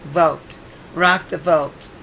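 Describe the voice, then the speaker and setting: A woman's voice: deep voice, steady tone, extremely slow, a bit bright, a little hiss or hum. A woman hosting her own comedy talk show, rambling through a monologue with brash jokes and many restarts. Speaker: host and comedian.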